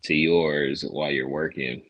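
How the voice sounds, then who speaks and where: A man chatting casually in a relaxed, agreeable way, explaining things. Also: a bass voice, measured pace, slightly rough, no echo, highs cut off. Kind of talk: casual chat.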